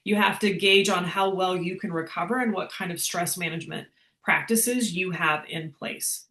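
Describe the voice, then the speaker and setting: Upbeat bright-voiced woman fitness coach. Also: fairly low pitch, moderate pace, roomy sound. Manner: chatty, upbeat, laughs while explaining. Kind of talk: live online fitness class with Q&A.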